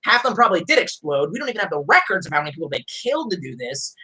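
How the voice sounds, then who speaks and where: A man's voice: fairly high pitch, very animated, racing, pushed and bright, breathy edge, rough recording. A man ranting profanely on a live stream.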